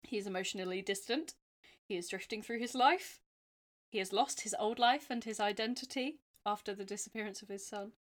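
A young woman co-hosts a relaxed film podcast. She tells the story with playful, theatrical flair, building jokes as she goes. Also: mid-range voice, a little fast. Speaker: podcast co-host. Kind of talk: casual film review chat.

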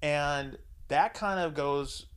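A man's voice: fairly high pitch, takes it slowly, smooth. A man telling a story in casual chat, swearing freely and talking with animation.

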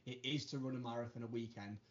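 A man's voice: mid-range voice, steady tone, fast talker. A man hosting a casual podcast chat, teasing his guests and laughing often. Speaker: podcast host. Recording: dull lo-fi sound.

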